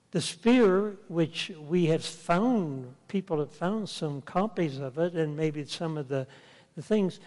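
Brief: storytelling preacher, slow and fairly high-voiced, reverberant hall. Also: male voice, mellow. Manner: folksy storytelling, acts out the characters. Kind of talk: sermon.

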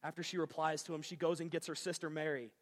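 Male pastor, relaxed conversational sermon delivery, slightly high voice, long hall echo. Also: fast. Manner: casual, conversational preaching with slang.

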